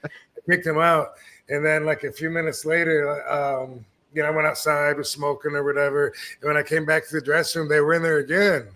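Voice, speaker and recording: Bright, animated man telling stories. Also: on the high side, brisk. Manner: animated, swears freely, acts out quotes. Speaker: podcast host, retired wrestler. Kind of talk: casual storytelling.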